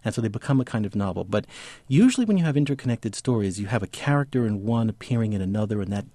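A man's voice: on the low side, expressive, quick pace, warm tone, no echo. A man talking about a book as a guest, chuckling often, rambling a little, and reading excerpts aloud. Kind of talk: casual book talk with read-aloud excerpts.

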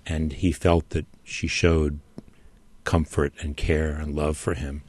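A man as a radio guest, talking through a novel in a measured way while searching for words. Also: very deep voice, level tone, darkish tone, no room sound. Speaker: studio guest. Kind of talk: literary discussion on radio.

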